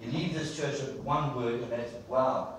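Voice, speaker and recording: Excited preacher in an echoey church. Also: male voice, medium pitch, moderate pace, a little hiss or hum. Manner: enthusiastic, repeats words for emphasis. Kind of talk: sermon. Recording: echoey church hall from far off.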